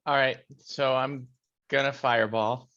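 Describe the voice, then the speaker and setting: A man's voice: medium pitch, steady tone, unhurried, vocal fry, a bit bright, lo-fi sound. A man playing a tabletop game, thinking aloud and planning his moves step by step. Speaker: player.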